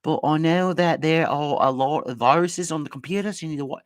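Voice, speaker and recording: Man playing a polite, confused English-accent fellow, pitched up, dry sound. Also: a little fast, dry recording, close to an everyday voice. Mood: bewildered. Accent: put-on English accent. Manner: polite, fumbling, bewildered. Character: timid, confused young man with a British-style accent.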